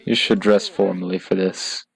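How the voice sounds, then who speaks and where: Young man, lowish voice, casual gameplay commentary, jokey, mock-dramatic narration. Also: fairly even intonation, normal speed, gravelly, slightly rough. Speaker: gaming YouTuber. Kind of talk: casual Let's Play commentary.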